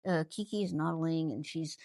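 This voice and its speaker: A woman hosting a casual reality-TV gossip recap, chatty and animated, often trailing off and restarting her thoughts. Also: low-pitched, normal speed, dry recording. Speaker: ventriloquist host.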